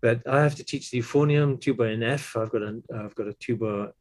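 A man in his sixties, a tuba player and teacher, telling stories in a relaxed, animated way and acting out the voices he quotes. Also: mid-range voice, a little fast. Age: 60s. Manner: animated, acts out quoted voices, chuckles often. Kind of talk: relaxed anecdotal storytelling.

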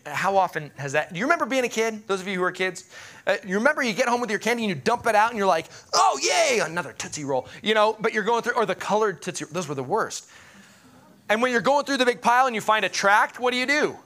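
Bright, high-voiced male preacher. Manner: animated, joking asides, pauses to ask the congregation. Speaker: pastor. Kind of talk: sermon.

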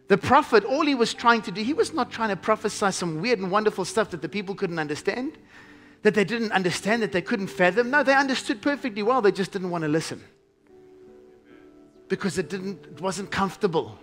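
A man preaching a sermon as pastor, emphatic, slowing to stress key phrases and dropping to a hushed tone. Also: high-pitched, expressive, soft background music.

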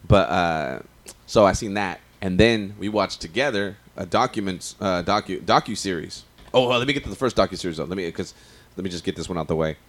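Casual male podcast host: low, quick, rambling, swears often. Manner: rambling, profane, many restarts and fillers. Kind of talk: casual chat.

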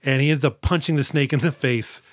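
A man's voice: mid-range voice, brisk, no echo, clean studio sound. A man co-hosting a podcast, retelling movie scenes in rambling, profane casual chat. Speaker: podcast co-host.

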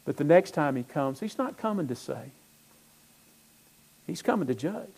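A man preaching a sermon in a church, swelling into slow, emphatic phrases. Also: a little high, sing-song, vocal fry, darkish tone, husky. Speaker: pastor. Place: church sanctuary with choir.

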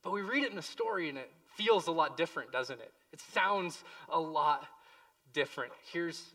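Male pastor, fairly high, bright voice; impassioned sermon delivery, slightly distant mic. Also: expressive, normal speed. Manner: impassioned, swings from hushed to loud.

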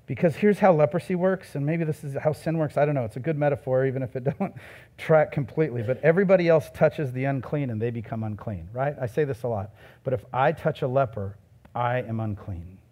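A middle-aged male pastor preaching a sermon in a conversational way, with loud emphatic peaks and soft asides. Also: mid-range voice, brisk.

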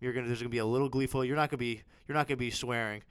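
A man's voice: medium pitch, steady tone, rapid-fire, fairly bright tone, clear, resonant tone, no echo. A man in his thirties co-hosting a casual sports podcast, joking and rambling as he teases his friend. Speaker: podcast co-host.

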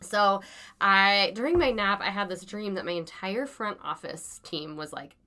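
A woman co-hosting a podcast who sounds sick, with a nasal, lowered voice, making dry, wry remarks in casual chat. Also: measured pace, bright, forceful tone. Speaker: podcast co-host, school principal. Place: small closet recording studio.

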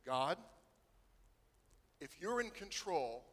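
Excitable preacher man in a big hall. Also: on the high side, extremely slow. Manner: storytelling, swinging from hushed to excited. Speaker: pastor. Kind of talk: sermon.

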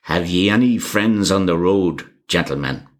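A man voicing a grim old male Irish car driver who speaks with a thick brogue and warns gravely. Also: low-pitched, lively intonation, a little slow. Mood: ominous.

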